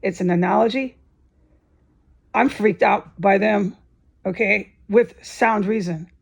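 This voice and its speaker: A woman's voice: mid-range voice, takes it slowly, creaky. A woman vlogging an angry, profane rant, her voice rising sharply at times. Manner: agitated and profane, voice rising to near-shouts. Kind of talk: angry ranting monologue.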